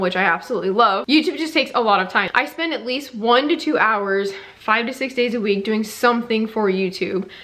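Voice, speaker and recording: A woman's voice: a little high, fairly bright tone. A young woman who is heavily pregnant, chatting casually in a rambling vlog update, full of fillers. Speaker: vlogger, stay-at-home mom.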